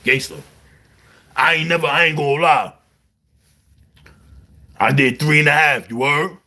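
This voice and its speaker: A man with a Brooklyn accent, telling jail stories in a casual, animated monologue full of slang. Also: fairly high pitch, unhurried. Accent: New York, Brooklyn. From New York. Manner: animated storytelling, heavy slang, repeats "you heard". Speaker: vlogger.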